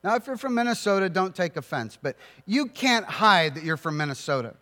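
A man's voice: high voice, very animated, fairly quick, pushed and bright. A man preaching a sermon as pastor, earnest, with storytelling asides. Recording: long reverb of a large hall.

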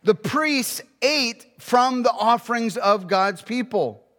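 Male preacher, high voice, emphatic rhetorical questions, slow scripture reading, long hall reverb. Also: lively intonation, fairly bright tone. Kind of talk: sermon.

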